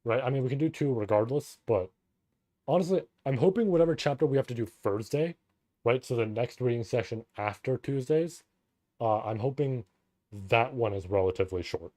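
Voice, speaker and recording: Streaming a novel read-through, this man alternates between reading passages and excitedly reacting with casual cursing. He talks at normal speed in a mid-range voice, with no audible room sound.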